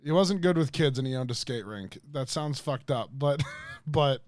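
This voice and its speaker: A man's voice: mid-range voice, lively intonation, normal speed, no room sound. Rambling, swearing streamer man, dry mic. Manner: rambling, heavy swearing, many fillers and restarts. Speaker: livestreamer. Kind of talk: casual storytelling to chat.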